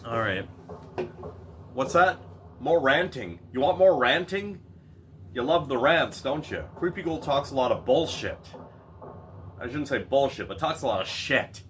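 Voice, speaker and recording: A man's voice: fairly high pitch, animated, measured pace, a bit bright, a little hiss or hum. A middle-aged man ranting in a blunt, profane way in a vlog, laughing at himself now and then. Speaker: vlogger.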